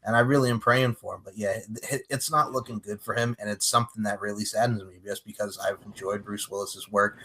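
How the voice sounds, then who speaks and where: Husky laid-back podcast co-host. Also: male voice, fairly low pitch, steady tone, a little fast, hardly any pauses, sharp tone, low-quality recording. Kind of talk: casual podcast banter.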